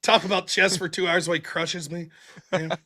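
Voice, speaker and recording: Pittsburgh guy rambling on his livestream, kinda high voice, swears a lot. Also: fairly quick. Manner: rambling, profane, lively. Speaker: livestream host. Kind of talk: casual live-stream chat.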